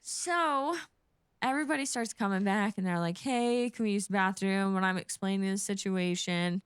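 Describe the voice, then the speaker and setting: A woman who works as a flight attendant, telling a work story in quick, animated casual talk and acting out what people said. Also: medium pitch, smooth, dry recording, clean studio sound. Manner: fast, animated, acts out quotes.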